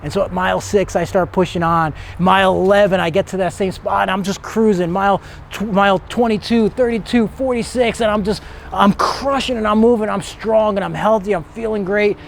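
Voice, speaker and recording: A man's voice: sits high, steady tone, a little fast, gravelly, a little hiss or hum. A middle-aged man, a motivational speaker, telling a personal story in an earnest manner that builds to emphatic peaks.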